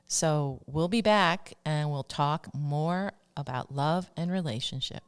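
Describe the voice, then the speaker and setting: A woman hosting a spiritual self-help radio talk, speaking slowly and soothingly as she leads listeners through repeated affirmations. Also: low voice. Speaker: radio show host.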